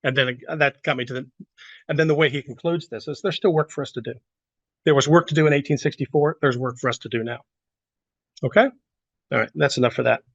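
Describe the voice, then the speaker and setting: A man's voice: medium pitch, a little fast, pauses often, dry recording, dull audio. A man teaching a Bible lesson to a class in a church room, talking loosely and asking the group questions. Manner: conversational, asks the class questions, many restarts.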